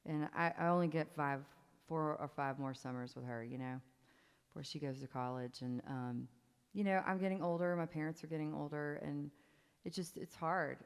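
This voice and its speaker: A woman's voice: sits low, normal speed. Chatty woman in her forties, reverberant hall. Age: 40s. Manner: chatty, self-interrupting, laughs often. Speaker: songwriter performing a one-woman show. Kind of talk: storytelling and Q&A with a live audience. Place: theater stage. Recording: long hall reverb, faint music.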